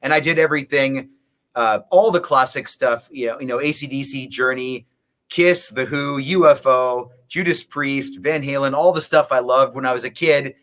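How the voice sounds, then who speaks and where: A man's voice: medium pitch, moderate pace, fairly bright tone. Rambling man telling a story. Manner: rambling storyteller with many restarts. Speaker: guest musician. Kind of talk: casual interview chat.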